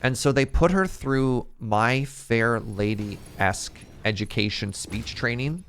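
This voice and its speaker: A man hosting a gaming stream talks in a relaxed, chatty way, telling stories and laughing often. His voice has a gravelly creak to it. A faint hiss of noise sits under the recording. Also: medium pitch, takes it slowly. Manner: laughs easily, chatty storytelling. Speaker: streamer host. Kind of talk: casual chat while gaming.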